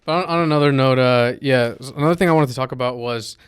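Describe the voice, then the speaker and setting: A man's voice: mid-range voice, quick pace, clear, resonant tone. A man co-hosting a podcast, asking questions in a friendly, upbeat way. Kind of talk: interview questions.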